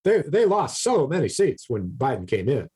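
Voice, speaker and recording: A man's voice: medium pitch, huge pitch swings, normal speed, a little mellow, husky. A man co-hosting a casual podcast, ranting animatedly about politics, swearing freely and often repeating his words. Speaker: podcast co-host.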